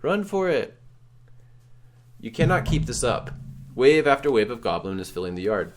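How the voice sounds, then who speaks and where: A man's voice: medium pitch, animated, fairly quick, slight background noise. A man reading a text adventure game aloud with drama, calling out his choices. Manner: dramatic, shouts choices out loud. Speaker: game streamer.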